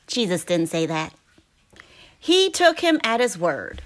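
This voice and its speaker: A woman reading a devotional book aloud in a conversational way, pausing between phrases. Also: fairly low pitch, very animated.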